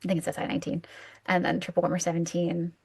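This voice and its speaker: A woman acupuncturist chatting casually about patient cases, an animated storyteller who pokes fun at herself. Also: fairly low pitch, vocal fry, slightly rough. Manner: animated storyteller, self-mocking, quick asides. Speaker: acupuncturist, co-host. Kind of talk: casual clinical chat.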